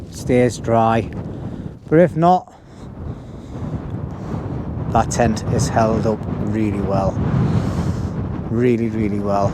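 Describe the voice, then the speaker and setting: A man's voice: medium pitch, background noise. A middle-aged man, chatting casually to camera at his hilltop camp. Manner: chatty and colloquial. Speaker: vlogger. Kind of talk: casual outdoor vlog chat.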